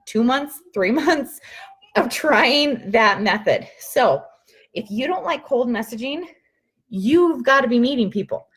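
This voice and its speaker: Young woman, casual live-stream team coach, upbeat, chatty, laughs a lot, fairly high voice. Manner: chatty, upbeat, laughs often, talks to viewers by name. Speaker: team leader giving a live training.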